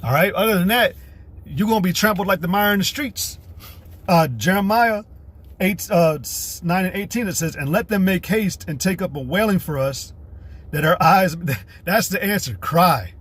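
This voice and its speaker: A man's voice: high-pitched, moderate pace, fairly bright tone, husky. A man from the United States preaching on a livestream, alternating blunt, profane ranting with reading scripture aloud. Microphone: streaming setup.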